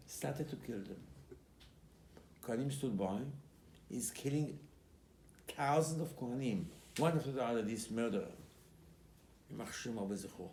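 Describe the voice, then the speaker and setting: A man who is a rabbi, giving a Torah class as an animated storyteller who acts out quotes and repeats his key points. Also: mid-range voice, normal speed, long pauses. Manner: emphatic, repeats key phrases. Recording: roomy recording with faint background noise.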